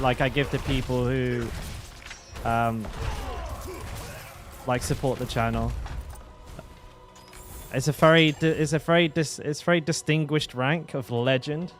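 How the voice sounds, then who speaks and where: Over a noisy background, a man with a slightly high voice chats casually to his live-stream audience while playing a game. He swears freely, laughs, and often trails off mid-sentence.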